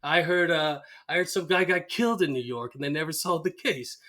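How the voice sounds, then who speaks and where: A man's voice: a little high, a little fast. A man co-hosting a podcast in casual chat, retelling TV scenes with laughs and acting out the quoted lines. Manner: animated storyteller, acts out quoted lines with laughter. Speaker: podcast co-host. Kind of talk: casual chat recapping a TV episode.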